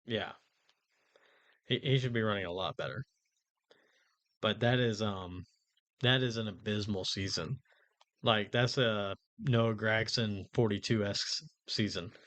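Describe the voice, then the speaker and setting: A man's voice: on the low side, measured pace, pauses often, a bit bright, no room sound. A man co-hosting a podcast, explaining things at length in casual chat. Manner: explains at length with fillers and restarts. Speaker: podcast co-host.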